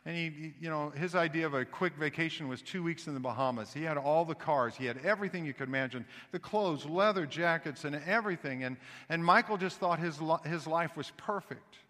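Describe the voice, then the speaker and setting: Southern pastor, man, higher-pitched voice, lively sermon delivery, long church reverb. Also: brisk. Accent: Southern American. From American South. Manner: animated storytelling preacher with frequent restarts. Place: church sanctuary.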